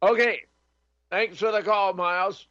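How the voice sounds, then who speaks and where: Bright-voiced older male radio host. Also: high-pitched, fairly even intonation, no echo, dull audio. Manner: polite, brisk, moves callers along. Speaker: radio talk show host. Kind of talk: call-in radio hosting.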